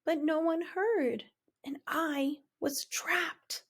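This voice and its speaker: A woman reading a children's picture book aloud in a slow, expressive, dramatic way. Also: very high-pitched. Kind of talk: storybook read-aloud.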